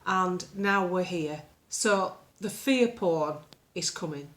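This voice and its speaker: A woman's voice: lowish voice, takes it slowly. Brief: an older woman blogger, chatty and sarcastic, given to rambling with ums. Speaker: political blogger. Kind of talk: casual spoken monologue.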